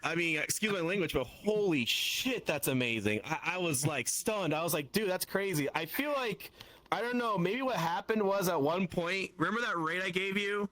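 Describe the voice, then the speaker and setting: Excitable bright-voiced male host. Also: high voice, moderate pace, dry recording. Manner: excitable, stumbling restarts. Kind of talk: casual livestream talk show.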